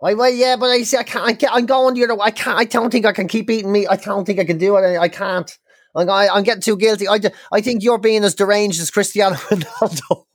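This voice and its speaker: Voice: mid-range voice, steady tone, fast talker, dry recording, clean studio sound. A podcast co-host in casual chat, ranting with heavy swearing.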